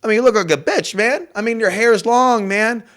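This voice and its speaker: A man's voice: sits high, normal speed, fairly bright tone. A man hosting a morning show in a rambling, profane, brash casual monologue. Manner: brash, profane, jumps between topics. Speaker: host.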